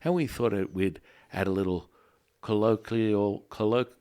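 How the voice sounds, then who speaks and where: A man's voice: low-pitched, sing-song, fairly quick, dark tone, no room sound. A man co-hosting a casual spiritual podcast, playful and given to jokey slang. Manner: playful, drifts into joking put-on slang. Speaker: podcast co-host and Taoist teacher.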